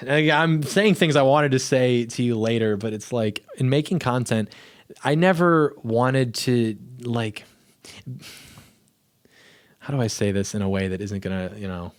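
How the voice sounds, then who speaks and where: Speaking at a measured pace with a medium-pitched voice, this young man is a YouTube commentator chatting to camera in his small home studio. He rambles in an offhand way and frequently breaks off his own sentences.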